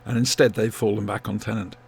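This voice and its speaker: Husky male podcast host, casual and teasing, fond of pedantic asides. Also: lowish voice, little pitch movement, darkish tone. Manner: playful, pedantic, quick asides. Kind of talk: casual chat.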